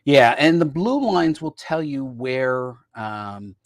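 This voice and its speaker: A man's voice: mid-range voice, lively intonation, takes it slowly, dry recording. A male host in a casual chat, upbeat and playful, with frequent fillers and hesitations. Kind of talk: casual chat about gifts.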